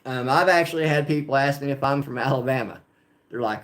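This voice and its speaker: A man's voice: mid-range voice, fairly quick, fairly bright tone. A man from Oklahoma with a rural country accent, chatting casually with livestream viewers and rambling with lots of fillers. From Oklahoma, USA. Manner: rambling, filler-heavy, talking to chat viewers. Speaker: slot machine livestreamer.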